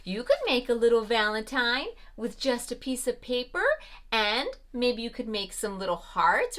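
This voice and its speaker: A woman hosting a preschool show, reading a picture book aloud in a gentle, sing-song and encouraging way. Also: a little high. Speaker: preschool storyteller host.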